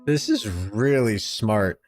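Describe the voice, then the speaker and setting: A man's voice: fairly low pitch, expressive, slow, darkish tone, soft background music. Incredulous young man reacting live. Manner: casual, incredulous, stammering. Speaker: reaction streamer.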